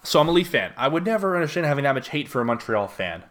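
A man's voice: fairly high pitch, sing-song, very fast, fairly bright tone. Laid-back young Canadian man rambling. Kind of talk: casual chat.

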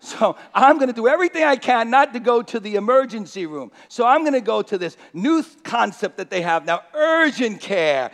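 High gravelly man preaching in an echoey hall. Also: normal speed, few pauses. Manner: animated storyteller with frequent restarts and "you know". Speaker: pastor. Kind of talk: storytelling sermon.

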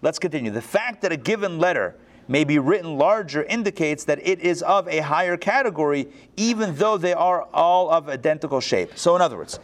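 A man leading a text-study class with a voice pitched a little above most men's. He reads from the book and then talks it through in a loose, lively way, with quick asides and restarts. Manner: conversational, animated, with restarts and asides. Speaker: Torah teacher.

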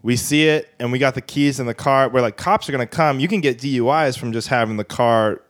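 A man's voice: medium pitch, a little fast. A man telling a story on a podcast, rambling, swearing and chuckling as he goes. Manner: rambling, profane, chuckles through his lines. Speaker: guest comedian. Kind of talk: casual storytelling.

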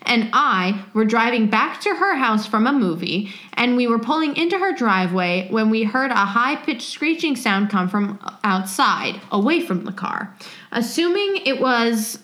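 High-voiced woman podcast host, rambling. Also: expressive, measured pace, fairly bright tone. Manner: rambling, jokey, self-interrupting. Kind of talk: casual chat, reading listener stories.

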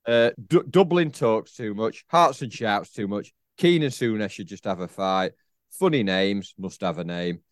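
A man's voice: on the low side, unhurried, no echo, clean studio sound. A man, co-hosting a podcast in casual, rambling chat and laughing often. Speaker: podcast co-host.

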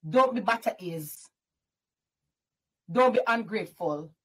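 Husky Jamaican woman giving blunt advice. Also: medium pitch, expressive, slow, fairly bright tone. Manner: direct, lecturing. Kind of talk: giving relationship advice in a clip.

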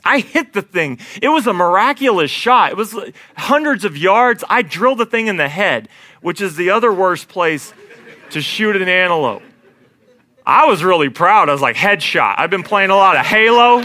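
A young man telling a comic story in an animated, self-deprecating way, often laughing through his own lines. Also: sits high, moderate pace.

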